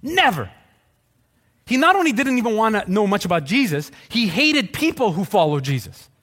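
A man's voice: high voice, moderate pace. A middle-aged male pastor preaching a sermon, joking with the congregation and acting out what people say. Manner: animated, joking, acts out quoted voices.

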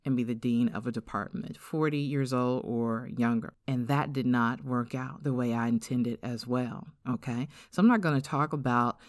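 Hosting her podcast, a middle-aged woman speaking with an African-American English accent reflects earnestly on her own testimony, slowing to emphasize key words. The very deep voice comes through clean studio audio with no echo.

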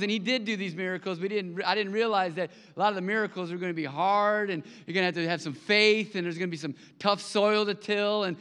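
A man preaching a sermon to his congregation, conversational and animated, telling stories with acted-out quotes. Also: high voice, quick pace, hardly any pauses, clear, resonant tone. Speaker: pastor. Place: church sanctuary. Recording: long hall reverb.

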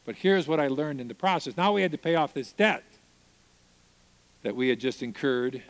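A man telling a personal testimony as a sermon, acting out the people he quotes and swinging from loud praise to hushed, tearful moments. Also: on the high side, smooth. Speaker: preacher. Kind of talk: sermon storytelling.

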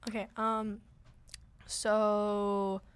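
A woman's voice: mid-range voice, monotone, drawn-out words, clean tone. Giggly teenage girl on the radio. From Minnesota. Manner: giggly, rambling with many fillers. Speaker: co-host. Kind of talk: casual radio chat. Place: radio studio.

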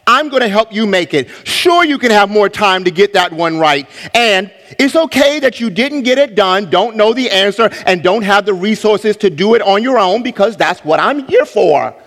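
A man's voice: high-pitched, lively intonation, moderate pace, few pauses, a bit bright, in a large hall. A man preaching a sermon as pastor, emphatic, with rhetorical questions, in a church sanctuary.

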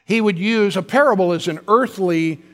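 Man, very high voice, fervent sermon, faint music behind. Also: moderate pace, fairly bright tone, big-room sound. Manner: fervent preaching, calls out to the congregation. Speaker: pastor.

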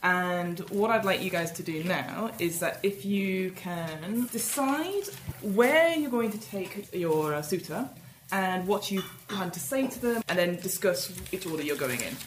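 A woman's voice: fairly low pitch, animated, unhurried. Woman game master, playful, laughs often, echoey room, faint noise. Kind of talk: running a tabletop role-playing game.

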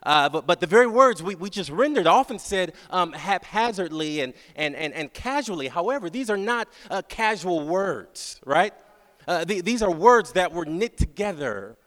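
A man with a fairly high voice preaches to a crowd in a large hall, and his words ring out with a long reverb. He circles back over his phrases again and again and keeps checking in with "right?", and he draws the prayer out slowly. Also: sing-song, a bit bright. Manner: slow, drawn-out prayer recitation. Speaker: guest speaker. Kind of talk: sermon.

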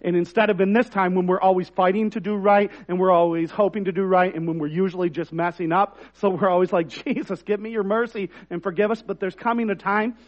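A man's voice: high-pitched, fairly even intonation, a little fast, hardly any pauses, highs cut off. A man preaching a sermon in a conversational, self-deprecating way that rises to emphatic points. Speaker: pastor.

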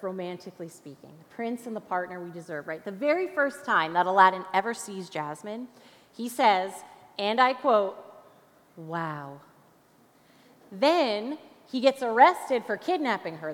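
A woman's voice: mid-range voice, a bit bright. Woman preaching in a reverberant hall. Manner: playful, conversational preaching with asides. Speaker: guest speaker. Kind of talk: sermon. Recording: long reverb of a large hall.

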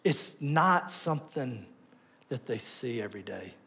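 A man preaching a sermon, telling stories with lively swings between loud bursts and soft asides. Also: mid-range voice, unhurried, gravelly. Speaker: pastor.

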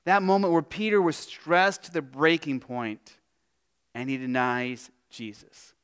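A man preaching a sermon as a pastor, earnest and personal, with pauses and restarts as he speaks. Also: on the high side, clear, resonant tone.

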